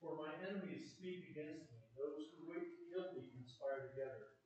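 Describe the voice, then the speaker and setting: A man reading scripture aloud in a steady, measured way, heard echoey and muffled from far off the mic. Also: on the high side. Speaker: scripture reader.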